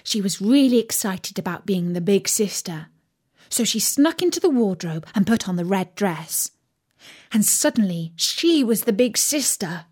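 A woman reading a children's story aloud in an expressive, gently dramatic way. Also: mid-range voice, measured pace, breathy edge.

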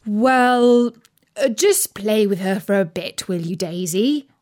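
Woman doing a distracted dad, offhand and dismissive, slow-ish. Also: mid-range voice, lively intonation, darkish tone.

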